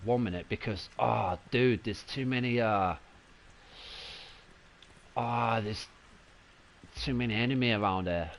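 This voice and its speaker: A man giving casual, excitable live commentary while streaming a video game. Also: mid-range voice, a little slow, long pauses, slight background noise.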